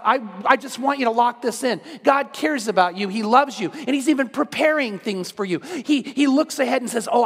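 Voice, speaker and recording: A man's voice: very high-pitched, vocal fry, a bit bright. A middle-aged man preaching a sermon as a pastor, earnest and repetitive, often restarting his words. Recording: long hall reverb.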